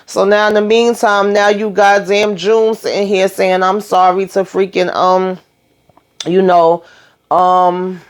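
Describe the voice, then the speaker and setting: A woman's voice: medium pitch, little pitch movement, slow pace. A woman hosting her own channel, casually recapping a TV episode in a chatty, emphatic way, talking straight to her viewers. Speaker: TV show recap host.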